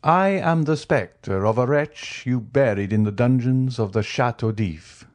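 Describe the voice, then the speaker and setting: A man voicing a cold, vengeful man returned from prison, speaking in a measured, solemn way. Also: medium pitch, pitched above the performer's own voice, lightly acted. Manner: measured, solemn, slow delivery.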